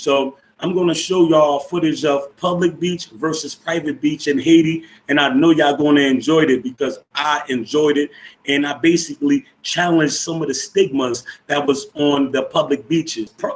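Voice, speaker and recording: A man hosting a casual live stream, upbeat and chatty as he greets and shouts out his viewers. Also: a little high, fairly even intonation, normal speed, a little hiss or hum.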